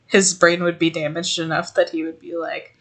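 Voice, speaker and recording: A woman's voice: on the low side, little pitch movement, moderate pace. A young woman co-hosting a podcast in casual chat, giggly and rambling, swearing freely. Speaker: podcast co-host.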